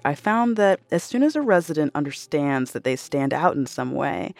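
A narrator reading scripted documentary narration in a measured, explanatory way. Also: mid-range voice, darkish tone.

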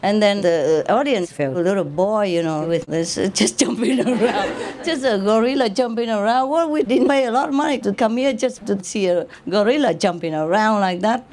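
A woman's voice: medium pitch, moderate pace, hardly any pauses, a little mellow. Giggly woman telling jokes. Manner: laughs often while talking, teasing, playful. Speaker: spiritual teacher telling jokes to an audience. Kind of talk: casual joke-telling talk.

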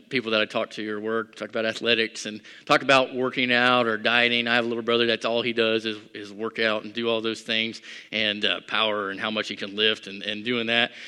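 A man's voice: fairly high pitch, bright, forceful tone. A man preaching a sermon, repeating words as he builds in intensity. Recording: echoey hall.

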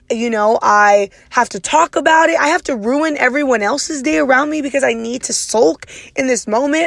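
A woman hosting a motivational podcast, loud and passionate, with a naturally raspy voice, speaking straight to her listeners. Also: sits high, no echo, clean studio sound. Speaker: podcast host.

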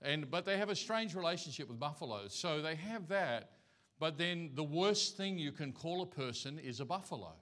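A man's voice: a little high, expressive, normal speed, a bit bright. A male pastor giving a conversational sermon in church, telling folksy stories and anecdotes.

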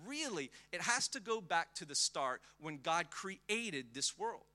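A man in his thirties preaching to a church congregation, his voice very bright and a little high for a man. He talks animatedly and conversationally, with frequent restarts, and acts out quotes as he tells stories from the pulpit. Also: very animated, moderate pace, hardly any pauses. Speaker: pastor. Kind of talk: sermon with personal storytelling.

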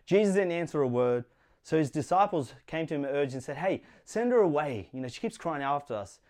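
A man's voice: a little high, lively intonation, a little fast, a little mellow. A young adult man preaching a sermon in an earnest, conversational way, with playful asides.

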